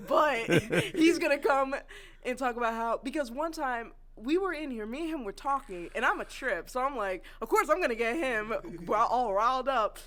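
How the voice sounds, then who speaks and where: A woman's voice: sits high, lively intonation, normal speed, a bit bright. Gossipy woman laughing through a story. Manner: laughing, gossipy, quotes people in their own voices. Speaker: podcast guest. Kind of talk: casual chat.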